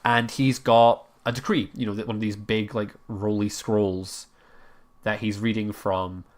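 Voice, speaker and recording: A man's voice: lowish voice, level tone, measured pace. A man narrating as game master of a tabletop game, rambling with frequent fillers.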